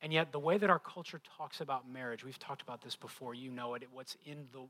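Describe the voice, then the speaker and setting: Bright-voiced male pastor preaching. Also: medium pitch, fast talker. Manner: animated storytelling, self-deprecating humor. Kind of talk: sermon.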